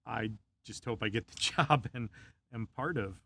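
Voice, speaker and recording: A man's voice: mid-range voice, a little slow, bright, forceful tone. A young man on a casual live stream, chatting in a laid-back way, chuckling often and muttering to himself as he builds a model.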